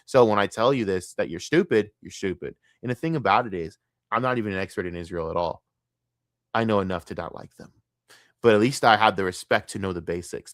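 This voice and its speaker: A man's voice: low-pitched, a bit bright, no echo, clean studio sound. A man streaming a reaction, ranting bluntly and scornfully with heavy swearing. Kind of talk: profane reaction rant.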